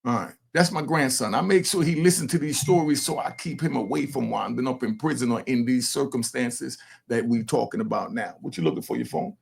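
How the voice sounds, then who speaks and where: Gravelly older man, animated commentator. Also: mid-range voice, fairly quick, hardly any pauses. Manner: animated, talks straight to viewers, breaks off to scold his grandson. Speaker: commentator host. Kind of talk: casual commentary.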